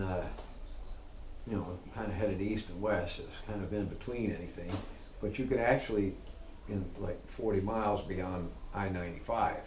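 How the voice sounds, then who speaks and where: Lively middle-aged man spinning a tale. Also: low-pitched. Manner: animated, laughing, swearing, acts out quotes. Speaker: storyteller. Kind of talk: casual storytelling. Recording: echoey room with faint noise.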